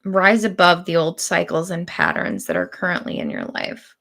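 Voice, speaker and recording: A woman giving spiritual readings on a live stream, speaking in slow, deliberate, drawn-out phrases. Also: lowish voice, wildly swooping pitch, gravelly, a bit bright. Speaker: spiritual reader.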